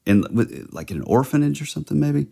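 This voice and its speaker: A man's voice: mid-range voice, sing-song, quick pace, gravelly, warm tone, slightly rough. A man co-hosting a podcast, thinking aloud hesitantly in casual true-crime chat. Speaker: podcast co-host.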